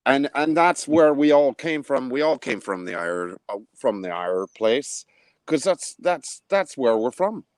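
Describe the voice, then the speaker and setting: A man chatting as a guest on a live panel, halting and tripping over his own words. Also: mid-range voice, sing-song, darkish tone, no echo. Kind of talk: casual chat.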